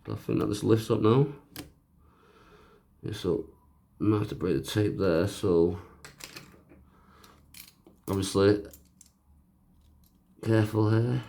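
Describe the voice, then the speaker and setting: A man with a fairly low voice talks a viewer through fixing a handheld console. He keeps up a loose, joking commentary full of self-mocking asides as he works. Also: slow, vocal fry, pauses often, dark tone. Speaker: repair video host. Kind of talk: casual narrated repair tutorial.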